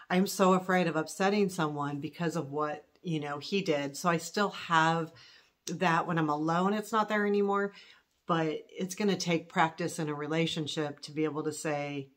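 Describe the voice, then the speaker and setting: A woman speaking to camera in a slightly low voice, telling her own story in a candid, conversational way. She is earnest and chatty, trips over her words and restarts often, and laughs easily as she talks. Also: moderate pace. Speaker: vlogger.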